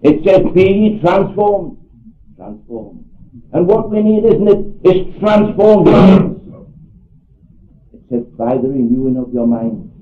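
Older man preaching, high, echoey and tinny. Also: a little slow. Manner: earnest, emphatic, repeats phrases for stress. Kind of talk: sermon. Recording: echoey hall over a tinny phone-like line.

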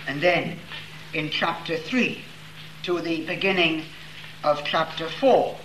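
A man preaching a sermon, reading scripture slowly and leaning hard on the key words. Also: fairly high pitch, a bit bright. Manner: slow, emphatic reading of scripture with stressed words. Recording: roomy echo with faint room noise.

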